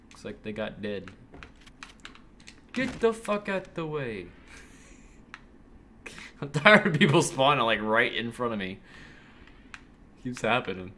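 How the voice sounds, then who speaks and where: A young man commentating his own online shooter match, excitable and cursing, yelling at other players. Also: mid-range voice, a little hiss or hum. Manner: excitable, swears often, yells at other players. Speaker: gamer streamer. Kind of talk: live gameplay commentary.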